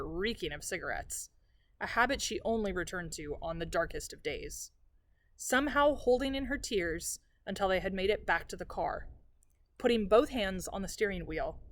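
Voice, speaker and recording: Woman librarian reading a novel aloud. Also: mid-range voice.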